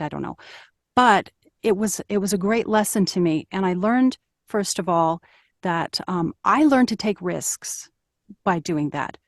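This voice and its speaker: A woman's voice: medium pitch, no echo, studio quality. A middle-aged woman, an audiobook narrator, talking earnestly and reflectively as a guest in an interview, with fillers and restarts. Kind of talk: conversational interview.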